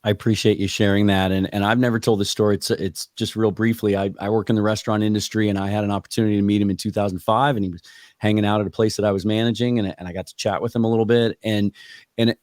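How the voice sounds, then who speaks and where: A man hosting an interview podcast, telling a story in a quick, friendly manner. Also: on the low side, flat delivery, darkish tone, no room sound, studio quality. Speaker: podcast host. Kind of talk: casual interview chat.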